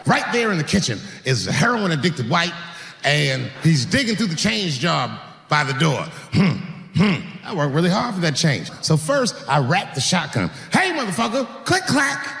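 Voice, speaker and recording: A man performing a stand-up comedy set, telling stories with shouted bits and acted voices. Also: a little high, moderate pace, creaky, big-room sound. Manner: animated storytelling, voices and shouts.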